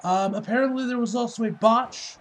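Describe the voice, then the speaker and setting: Male reviewer, high-pitched, foul-mouthed and heated, rambling casual delivery. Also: fairly quick, a little hiss or hum, low-quality recording. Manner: profane, heated ranting; loose, rambling delivery with many "like" fillers. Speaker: wrestling reviewer.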